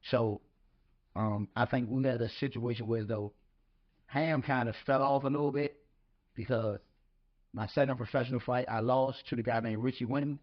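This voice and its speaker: A man's voice: mid-range voice, steady tone, moderate pace. A man and former boxer, a podcast guest, telling stories in casual talk. He rambles and repeats words as he starts his thoughts. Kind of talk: casual storytelling. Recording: slightly dull lo-fi podcast audio.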